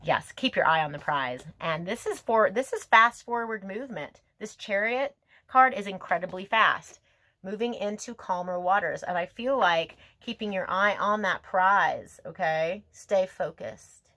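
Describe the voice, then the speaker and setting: A woman giving a tarot reading to her viewers, talking in a gentle, emotive, spiritual way that wanders from thought to thought. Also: medium pitch, animated, normal speed, dry recording. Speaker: tarot reader.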